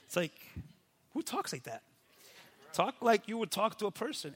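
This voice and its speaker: A man who is a pastor giving a casual faith talk, animated and always checking in with "right?". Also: high voice, moderate pace, pauses often, breathy edge. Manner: animated, keeps asking "right?" and acts out quoted people.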